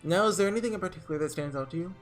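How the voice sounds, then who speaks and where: A man voicing a calm, precise gentleman detective who speaks in measured, formal diction. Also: sits high, soft background music, voice pushed up, lightly acted.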